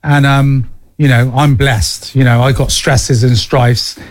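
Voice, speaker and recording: Male radio host, mid pitch, loose conversational interviewer. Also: little pitch movement, slow. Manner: chatty, many yeahs and restarts.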